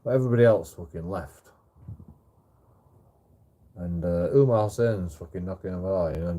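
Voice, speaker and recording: A man's voice: low-pitched, normal speed, pauses often, mellow, lo-fi sound. A young man telling a rambling story on a livestream, swearing often, stammering and restarting his sentences.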